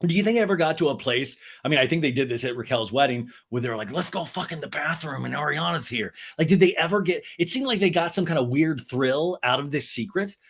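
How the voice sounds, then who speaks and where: A man hosting a podcast, recapping a reality show in an animated, gossipy and profane way. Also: on the high side, quick pace, hardly any pauses. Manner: animated, gossipy, swears and laughs often. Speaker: podcast host.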